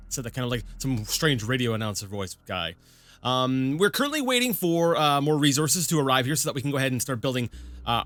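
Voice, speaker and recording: Bright-voiced man narrating gameplay. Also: fairly high pitch, dry recording. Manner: chatty, thinking aloud with frequent fillers. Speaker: host of a gaming channel. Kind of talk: casual let's-play commentary.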